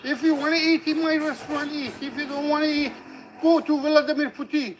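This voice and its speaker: High-voiced joking man on a street. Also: fairly even intonation, fairly quick, a little hiss or hum, poor audio. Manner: teasing, profane, mock-grumpy. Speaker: vlog companion. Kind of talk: casual joking chat.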